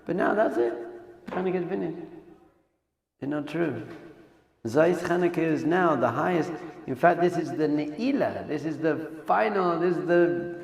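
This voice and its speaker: A man teaching Torah as a rabbi, his fairly high voice swinging from hushed asides to loud bursts. The recording is wrapped in a long, echoey hall reverb added as an effect. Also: a little slow, creaky, pauses often. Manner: animated, swings between hushed and loud exclamations. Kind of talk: Torah class.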